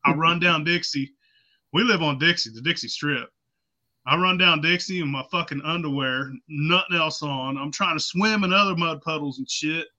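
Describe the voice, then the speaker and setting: A man's voice: fairly high pitch, normal speed, bright, forceful tone. A young man telling a rambling, profane story in a casual podcast chat, laughing as he goes. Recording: muffled lo-fi sound.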